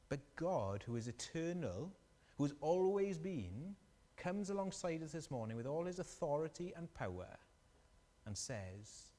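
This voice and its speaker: A man preaching a sermon, animated and storytelling, asking the congregation questions. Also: fairly high pitch, normal speed, long reverb tail.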